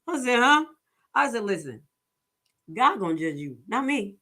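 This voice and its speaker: Bright-voiced, blunt woman vlogger. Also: medium pitch, very animated, moderate pace. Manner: blunt, profane, preachy storytelling. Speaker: commentary vlogger. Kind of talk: casual commentary.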